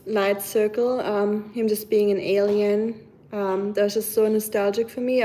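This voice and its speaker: A woman's voice: mid-range voice, warm tone. A woman from Germany, chatting casually with viewers on her livestream and answering their comments. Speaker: livestream host. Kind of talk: casual live chat with viewers.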